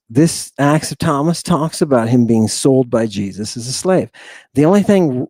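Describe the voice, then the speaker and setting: Guy lecturing his stream slowly, sighs a lot, goes off on asides, dry sound. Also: medium pitch, dark tone, dry recording. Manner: emphatic, keeps asking the audience if they understand; sighs often and breaks off into asides. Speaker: host. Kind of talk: livestream lecture.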